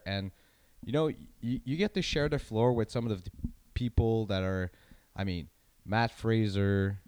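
A man's voice: mid-range voice, clear, resonant tone, dry recording. A young man with a French Canadian accent, an event announcer telling stories in casual chat, rambling with many restarts. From French-speaking Canada. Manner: rambling, restarts often, animated storytelling.

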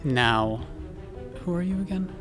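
A man's voice: on the high side, expressive, unhurried, over music, voice pushed up. A man voicing a suspicious, scheming male doctor who is polite on the surface but probing.

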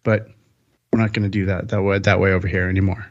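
A man's voice: sits low, level tone, quick pace. Guy hosting a podcast, chatty and rambly, kinda dull lo-fi sound. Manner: rambling, upbeat, self-correcting. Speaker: podcast host. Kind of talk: casual podcast chat.

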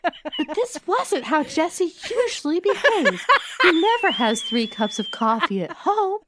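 A woman's voice: very high-pitched, big pitch swings, unhurried, heavy background noise. Giggly woman reading with mock melodrama. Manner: sarcastic, giggly, reads passages with mock melodrama. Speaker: podcast co-host. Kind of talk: comedic book-club chat with dramatic read-aloud.

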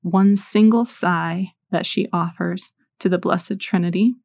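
Woman in her forties for a faith talk: earnest storytelling with scripture readings, lowish voice, dry and close. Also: fairly even intonation, measured pace, vocal fry, darkish tone, dry recording. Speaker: Catholic speaker. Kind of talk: faith talk with personal stories.

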